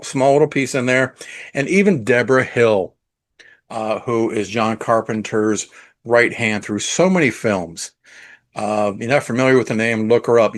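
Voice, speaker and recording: A man with a somewhat low voice hosts a casual solo podcast. He talks in a chatty, enthusiastic way, dropping curse words and filler words as he goes. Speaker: podcast host. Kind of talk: casual solo movie talk.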